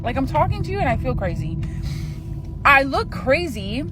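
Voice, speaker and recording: Animated young woman telling a spooky story. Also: high voice, moderate pace, music in the background, rough recording. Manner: animated, profane, excitable. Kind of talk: casual storytime.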